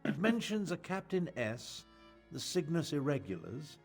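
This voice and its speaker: An earnest, husky game ally. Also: male voice, fairly high pitch, sing-song, measured pace, faint music behind, exaggerated voice. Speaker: game character. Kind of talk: scripted game dialogue.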